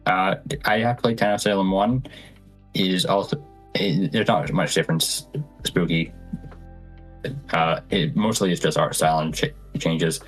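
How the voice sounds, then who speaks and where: A Scottish man co-hosting a livestream, speaking in a halting, hesitant, dry way. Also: low-pitched, fairly even intonation, fairly bright tone, soft background music, low-quality recording. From Scotland. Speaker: co-host. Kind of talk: casual livestream chat.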